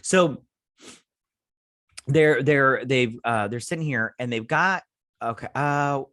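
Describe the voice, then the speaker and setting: Speaking slowly in a mid-range, fairly bright voice, this show host reviews a TV episode in a casual, sneering tone and imitates the characters with silly voices. The sound is dry and studio-clean.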